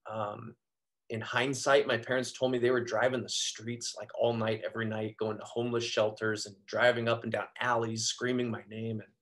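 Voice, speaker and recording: A priest speaking as a guest, giving an earnest, reflective personal testimony with frequent pauses and fillers. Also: male voice, mid-range voice, flat delivery, fairly bright tone. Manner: earnest, reflective, frequent ums and you-knows.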